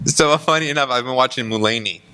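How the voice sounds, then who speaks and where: A man co-hosting a casual podcast, telling stories in a rambling, animated way from a small room. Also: medium pitch, quick pace, clear, resonant tone. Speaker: podcast co-host. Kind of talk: casual chat.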